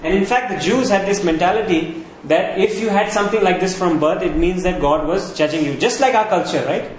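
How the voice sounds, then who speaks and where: A man's voice: sits high, fairly quick, a little hiss or hum. A man preaching a sermon, who asks his listeners questions and repeats key phrases. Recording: very echoey room with faint ambience.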